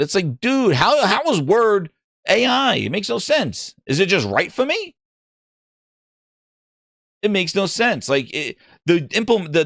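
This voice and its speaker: Animated rambling man on a gaming podcast. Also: sits high, dry recording, studio quality. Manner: rambling, animated, lots of fillers and restarts. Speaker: podcast host. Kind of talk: casual gaming podcast chat.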